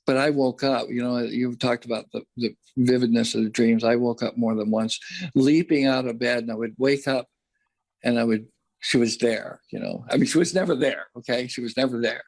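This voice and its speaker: A man as an interview guest, earnestly recounting a personal experience, halting and restarting often. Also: medium pitch, fairly even intonation.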